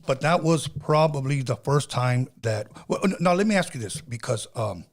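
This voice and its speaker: Middle-aged man, podcast host, casual storytelling, slangy and animated, mid-pitched voice. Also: normal speed. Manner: loose, animated storyteller with frequent slang and cursing.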